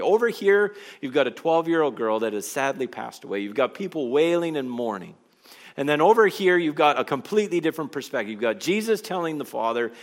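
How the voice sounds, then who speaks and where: A man preaches to a congregation in a church. His voice sits fairly high and swings widely up and down. He talks in a conversational way and keeps asking the room questions. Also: a bit bright. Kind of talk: sermon.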